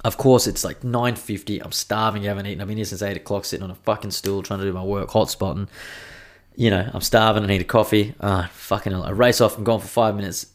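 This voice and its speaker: A man's voice: on the low side, steady tone, fast. An Australian man hosting a podcast, telling a long, sweary, ranting story in a casual monologue. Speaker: podcast host.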